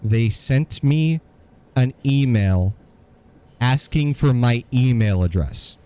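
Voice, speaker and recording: A man's voice: medium pitch, expressive, slow pace, warm tone, smooth. A man co-hosting a podcast, telling a story in an exasperated, sarcastic rant. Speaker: podcast co-host. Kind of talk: casual ranting podcast chat.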